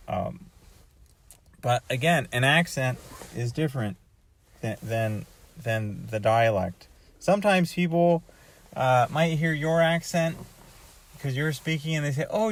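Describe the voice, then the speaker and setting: A man from North America giving a casual, rambling vlog monologue, thinking aloud and often restarting his sentences. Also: medium pitch. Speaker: vlogger.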